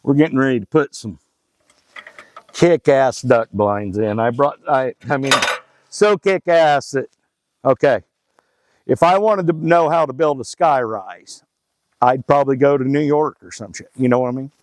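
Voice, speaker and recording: A man's voice: medium pitch, moderate pace, darkish tone, rough recording. Folksy joking middle-aged man outdoors. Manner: folksy, joking, rambling Southern talk. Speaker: hunting club owner. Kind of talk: casual outdoor vlog talk. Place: outdoors by a river in the woods.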